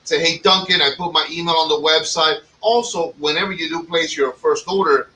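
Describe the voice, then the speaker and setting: A man hosts a laid-back podcast and runs through promotions in a joking, rambling way full of ums and uhs. His voice is bright and a little high. He sits back from the mic, and a faint hiss runs under it. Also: steady tone, a little fast, recorded from a distance, low-quality recording. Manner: chatty, jokey, plugs promotions with filler words. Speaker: podcast host and cigar shop owner. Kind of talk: casual podcast chat.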